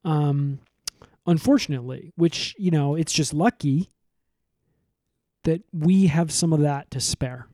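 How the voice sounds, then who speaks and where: A man co-hosting a comedy podcast, recapping in a rambling, deadpan way with lots of fillers. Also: fairly high pitch, a little slow, long pauses, no echo, clean studio sound.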